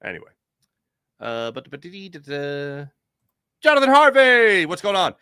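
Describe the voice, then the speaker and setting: Lively, bright-voiced man hosting a chat. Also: high voice, normal speed, smooth, no room sound, clean studio sound. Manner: animated, jokey, rambling with restarts. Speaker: podcast host reading live chat. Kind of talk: casual livestream chat.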